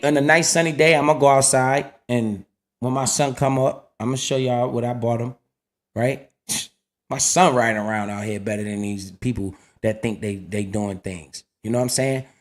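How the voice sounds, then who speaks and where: A middle-aged man hosting a casual livestream, talking in loose slang and often dropping low and quiet. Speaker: livestream host talking investing.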